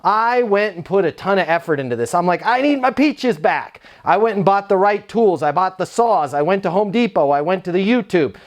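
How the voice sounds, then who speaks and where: Guy with a high voice telling a casual story, lively and chatty. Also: brisk, few pauses. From United States. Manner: energetic, conversational storytelling. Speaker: sales speaker. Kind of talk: storytelling talk.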